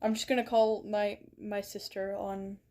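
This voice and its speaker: A woman's voice: mid-range voice, little pitch movement, measured pace, very noisy. A woman streaming a game from her bedroom, chatting with viewers in a playful, mock-dramatic way. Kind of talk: live-stream chat while gaming. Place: bedroom at home.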